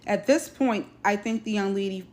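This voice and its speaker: A woman's voice: medium pitch, normal speed, darkish tone. A woman from South Carolina recounting an incident to her viewers in casual commentary, stressing points by repeating them. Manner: emphatic, repeats key phrases; addresses viewers directly. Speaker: social media commentator.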